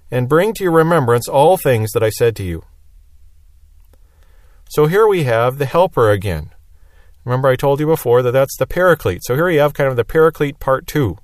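Man, bible teacher, plain explanatory manner, mid-pitched, dry close sound. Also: dry recording. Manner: plain explanatory teaching, repeats key phrases.

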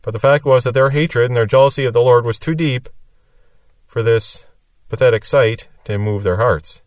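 A man teaches scripture in a steady, mid-pitched voice. He reads a verse and then explains it plainly. The sound is dry, and he stands a little back from the microphone. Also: normal speed, no room sound, recorded from a distance. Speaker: Bible teacher.

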